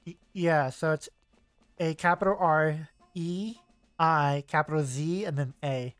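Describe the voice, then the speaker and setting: A man's voice: fairly high pitch, a little slow, fairly bright tone, clear, resonant tone, no room sound, faint music behind. A young man streaming a video game, chatting casually and rambling with lots of fillers and self-corrections. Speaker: gaming streamer. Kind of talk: casual let's-play chat.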